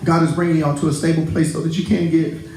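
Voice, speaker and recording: A male pastor preaching a sermon to his congregation, animated and laughing often as he talks. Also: fairly high pitch, fast, echoey room, a little hiss or hum, rough recording. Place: church sanctuary.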